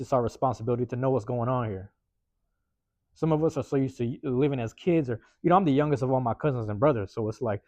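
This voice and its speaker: A man's voice: mid-range voice, no room sound. A man from the US West Coast, hosting a podcast in a casual storytelling monologue. He talks in slang and profanity, keeps tagging "man" and "bruh", and slips into put-on voices for the people he quotes. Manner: acts out quoted neighbors in lively put-on voices. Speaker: podcast host. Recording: dull, dry close recording.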